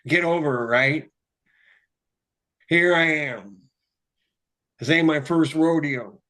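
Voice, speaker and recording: Man, interview guest, higher-pitched, profane, excitable, rambling. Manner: explains chemistry in quick lecture bursts. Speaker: guest, water filter developer. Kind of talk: casual interview talk.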